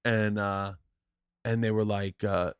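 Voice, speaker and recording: A man in his forties hosting a podcast, telling stories in a loose, animated way. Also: takes it slowly, smooth, dry recording, clean studio sound. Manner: animated, jumps into loud high-pitched impressions when quoting. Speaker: podcast host. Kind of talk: casual storytelling chat.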